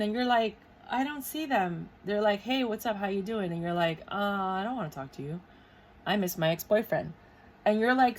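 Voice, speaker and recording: A woman giving a casual tarot reading, chatty and animated, sleepy late at night. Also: mid-range voice, slight background noise. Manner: chatty, animated, acts out quoted voices. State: sleepy, delirious before bed. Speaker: tarot reader.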